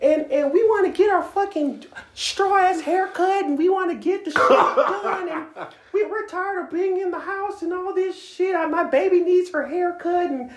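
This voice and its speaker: Woman doing a shrill outraged entitled lady. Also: moderate pace, echoey room. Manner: high, swearing, outraged whining. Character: shrill angry entitled middle-aged woman ranting.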